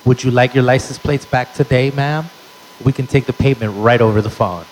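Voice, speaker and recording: A man voicing a formal, bureaucratic tow-yard clerk who speaks slowly and politely. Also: mid-range voice, a little mellow, slight background noise, close to an everyday voice, poor audio. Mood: officious. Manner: slow, officious, bureaucratic.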